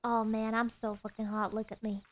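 Young woman game streamer, slightly high voice, sarcastic and playful, with occasional whispered asides. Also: level tone, normal speed. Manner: playful, sarcastic, breaks into hushed ASMR-style whispers. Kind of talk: casual gameplay commentary.

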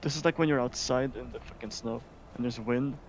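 Man from Sweden, gaming streamer, casual commentary, excitable, swears a lot, mid pitch. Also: fairly quick, dull audio, a little hiss or hum.

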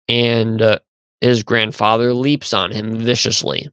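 A man's voice: medium pitch, flat delivery, a little slow, smooth, no room sound, dull audio. A man hosting a podcast, talking through stories in a rambling, conversational monologue. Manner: conversational, rambling, with fillers and restarts. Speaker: podcast host. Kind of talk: casual storytelling monologue.

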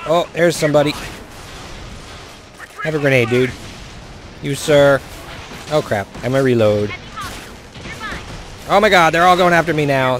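Excitable young man commentating his gameplay. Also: fairly high pitch. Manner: excitable, swings from muttering to whooping. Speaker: gaming video host.

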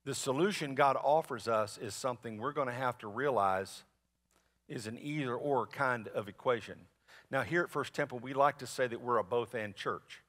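A man preaching a sermon as pastor, in a conversational, animated way with asides to the congregation. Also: medium pitch, moderate pace. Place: large church sanctuary. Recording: long reverb of a church hall.

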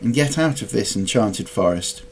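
A man's voice: fairly low pitch, animated, normal speed, slight background noise, poor audio. A man reading a storybook aloud and voicing a matter-of-fact young boy in near his own voice. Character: young boy, practical and eager.

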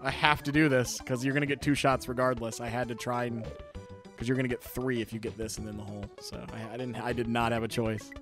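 A man's voice: medium pitch, music in the background. A man co-hosting a video game playthrough, teasing his partner and laughing often in casual banter. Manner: animated, teasing, quick to laugh. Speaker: co-host playing a video game.

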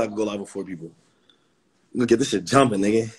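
A man's voice: on the low side, fast, breathy edge. A man in his twenties, chatting casually on a livestream and joking trash talk at his viewers. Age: 20s.

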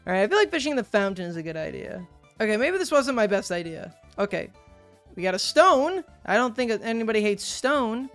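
A woman's voice: medium pitch, lively intonation, brisk, faint music behind. A woman giving playful, jokey gameplay commentary as she plays a farming game and talks to her viewers. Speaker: gaming video host.

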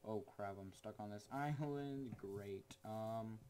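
A man casually commenting while he plays a game, goofy and excitable with lots of exclamations. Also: lowish voice, slow, noisy background. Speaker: gaming channel host.

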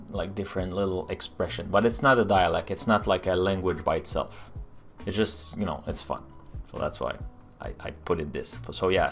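A man's voice: lowish voice, fairly bright tone. A man with a Quebecois French accent, live-streaming as he codes, thinking aloud and answering chat questions with lots of fillers and restarts. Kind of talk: casual live-stream chat while coding.

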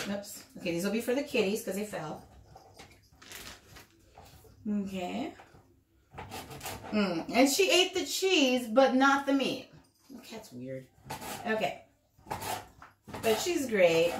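A chatty woman gives a loose, rambling cooking walkthrough in her home kitchen, her slightly high voice bouncing off the walls. The recording is echoey, with loud background noise. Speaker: vlogger. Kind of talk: casual cooking tutorial.

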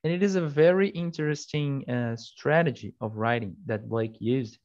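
Man, Portuguese native, student presenting a poem, self-correcting, mid pitch, dull lo-fi audio. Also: moderate pace, a little mellow. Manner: explanatory, with fillers and self-corrections. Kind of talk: class presentation.

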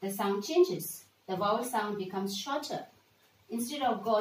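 A woman's voice: medium pitch, expressive, measured pace, reverberant, far from the mic, rough recording. A woman teaching a lesson, patient and repeating words, often checking with "right?". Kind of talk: classroom lesson for children.

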